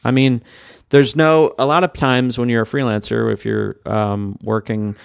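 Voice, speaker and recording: A man's voice: medium pitch, flat delivery, normal speed, vocal fry, smooth, dry recording, studio quality. A man co-hosting a podcast in casual chat, hesitant and full of fillers. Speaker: podcast co-host.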